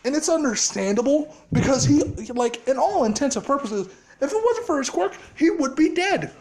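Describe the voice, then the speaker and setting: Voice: high-pitched, very animated, moderate pace, darkish tone. A casual storyteller rambling through a fan scenario with frequent laughter, filler words and heavy swearing.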